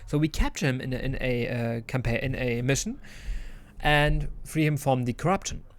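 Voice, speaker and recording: Man recapping a game story haltingly. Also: medium pitch. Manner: halting, many restarts and fillers; loosely paraphrases characters' lines. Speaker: gaming video host.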